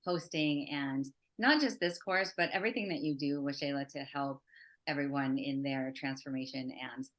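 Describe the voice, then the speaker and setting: A woman guest, a psychotherapist and art teacher, speaking in a reflective, soft-spoken way. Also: extremely low pitch, moderate pace. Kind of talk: interview conversation.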